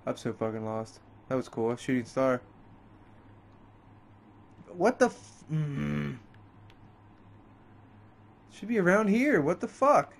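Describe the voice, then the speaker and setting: A man with a fairly high voice giving running commentary over a video game. He grumbles and curses constantly and his pitch leaps up whenever he gets fed up. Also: measured pace, creaky, pauses often, slight background noise. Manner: frustrated, heavy swearing, pitch jumps up in outbursts. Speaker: gamer playing a video game. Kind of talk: let's play commentary.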